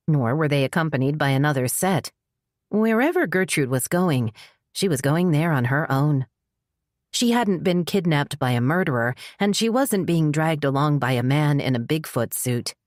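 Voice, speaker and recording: Woman, audiobook narrator, low voice, measured, dry close recording. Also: darkish tone, no echo. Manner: measured storytelling. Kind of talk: scripted narration.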